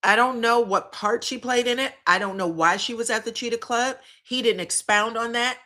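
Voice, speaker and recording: Host, female, bright tone, chatty, blunt and slangy, talks to live chat. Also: fairly high pitch, moderate pace. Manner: candid, slangy, repeats herself for emphasis. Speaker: reality TV commentary host. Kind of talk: casual live-stream recap with chat.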